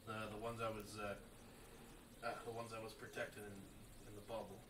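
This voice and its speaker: A man's voice: fairly low pitch, flat delivery, a little fast, fairly bright tone, close to an everyday voice. A man playing a groggy young fiancé, just awake. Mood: drowsy. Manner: groggy, drowsy and casual. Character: soft-spoken male fiancé waking from sleep. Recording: roomy, distant and noisy.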